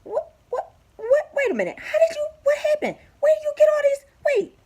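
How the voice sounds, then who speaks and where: A woman's voice: very high-pitched, sing-song, slow pace, pitched above the performer's own voice, exaggerated voice. A woman putting on a stubborn foreign handyman in broken English. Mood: astonished. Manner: doubting, exclaiming in broken English.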